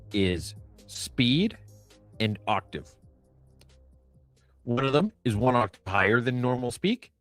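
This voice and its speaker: A man co-hosting a podcast, telling wry jokes in a dry, unhurried way. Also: medium pitch, fairly bright tone, no echo. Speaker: podcast co-host. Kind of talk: deadpan comic monologue and banter.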